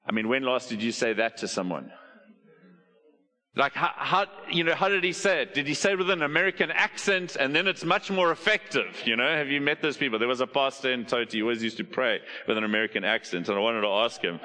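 A middle-aged male pastor, preaching with a bright, forceful voice. He tells stories with animation and asks the congregation questions, and his voice carries a long reverb from a large hall. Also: medium pitch, animated, fairly quick. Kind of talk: sermon.

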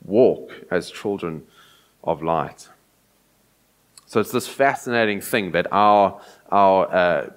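A man preaching a sermon in a fairly low voice. He talks earnestly and repeats his key phrases to drive each point home.

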